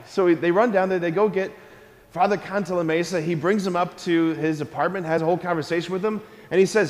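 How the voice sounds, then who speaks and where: A man, a Catholic priest, giving an energetic homily at a school mass and drawing the congregation into call-and-response. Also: high-pitched, fairly quick. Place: church. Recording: long church reverb.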